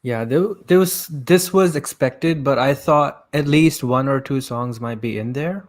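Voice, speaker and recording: A man co-hosting a casual chat about movies. He sounds relaxed and agreeable and uses many fillers. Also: medium pitch, measured pace.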